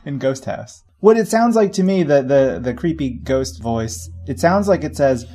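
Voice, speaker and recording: A man co-hosting a casual movie podcast, wry and quick to laugh, with a slightly husky voice. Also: medium pitch, sing-song, warm tone, faint music behind. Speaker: podcast co-host. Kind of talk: casual movie review chat.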